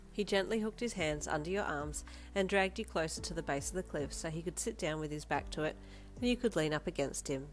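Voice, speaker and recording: A woman reading fanfiction aloud as an audiobook narrator, with a steady storytelling delivery. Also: deep voice, fairly quick, few pauses. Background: faint background music.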